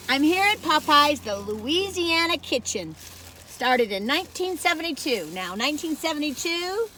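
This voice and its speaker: A woman in her sixties chats her way through a food review, wandering off on tangents and talking straight to the people watching. Her voice sits high and bright. She records on a phone camera from a parked car, with a faint hiss of noise behind her. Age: 60s. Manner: rambling, digressive, talks straight to viewers. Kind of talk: casual chatty food review.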